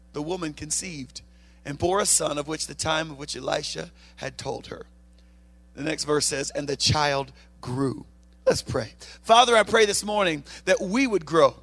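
Male guest preacher, high voice, loud and animated, playful asides between scripture. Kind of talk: sermon.

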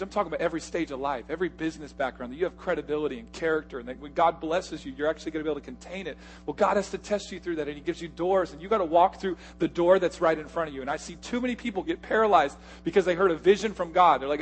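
A male pastor preaching a sermon, swinging from loud, punchy lines to hushed, quiet asides. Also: fairly high pitch, a little fast, long pauses, a little hiss or hum.

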